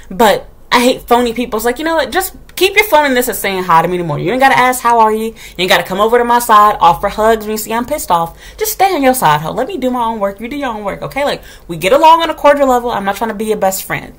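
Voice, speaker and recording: A woman's voice: on the high side, animated, fast, fairly bright tone. A woman, a kindergarten teacher, venting in casual chat to her viewers. She tells the story bluntly and with a lot of swearing, acting out what other people said. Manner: blunt, profane, sassy storytelling; acts out quoted dialogue.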